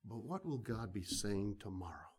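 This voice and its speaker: A man preaching a sermon, pleading, drawing out phrases slowly and dropping to soft, hushed passages. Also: on the low side, big pitch swings, husky.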